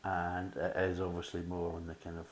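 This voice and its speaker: A man's voice: sits low, completely flat delivery, normal speed, slight background noise. A man giving a casual, methodical beer tasting review, full of "kind of" fillers.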